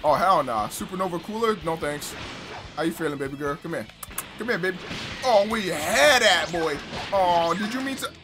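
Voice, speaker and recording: A young man giving loud, trash-talking commentary over his own online matches, shouting at opponents and explaining his character build. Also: high voice, animated, moderate pace, music in the background. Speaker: gaming YouTuber. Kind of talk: hyped gameplay commentary.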